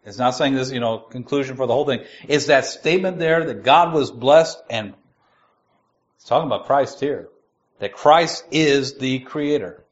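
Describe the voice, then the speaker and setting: A man giving a sermon. He reads scripture slowly and stresses its key words. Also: mid-range voice, muffled recording. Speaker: preacher.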